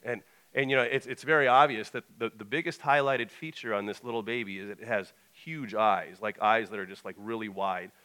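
A man's voice: fairly low pitch, a little fast, sharp tone, clear, resonant tone. A young male pastor preaching a conversational sermon, reading a short passage and then telling anecdotes.

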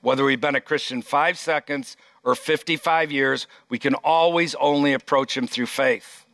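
Man, pastor, emphatic sermon, scripture reading, bright tone, dry close sound. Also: medium pitch, normal speed, few pauses, dry recording.

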